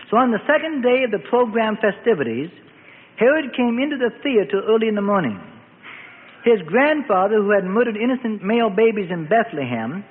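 A man reading a biblical story aloud as dramatic scripted narration. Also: sits high. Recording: phone-like band with long reverb and faint noise.

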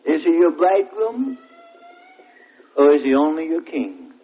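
A man preaching a sermon, telling folksy everyday examples and asking drawn-out, emphatic questions. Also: fairly high pitch, expressive. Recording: tinny, narrow-band old recording.

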